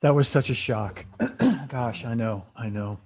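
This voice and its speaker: A man's voice: mid-range voice, expressive, a little slow, a little mellow, slightly rough. A man hosting a casual interview over a video call, telling a rambling story with many restarts and frequent laughs. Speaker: host.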